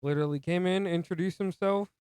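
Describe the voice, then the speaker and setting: A man's voice: sits high, steady tone, fast, a little mellow, clear, resonant tone, no room sound, clean studio sound. A man co-hosting a movie podcast, casually retelling the plot with jokey asides. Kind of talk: casual film recap chat.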